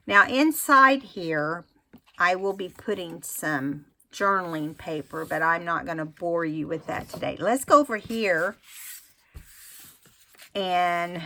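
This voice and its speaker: A woman's voice: lowish voice, sharp tone. A woman hosting a craft tutorial, talking casually and rambling as she demonstrates. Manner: chatty, rambling, self-admittedly unhurried.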